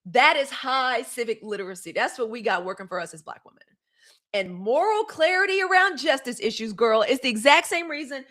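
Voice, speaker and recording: A woman's voice: high voice, brisk. A woman hosting a casual livestream, talking commentary and reading out live comments. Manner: animated, reads live comments aloud. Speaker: host.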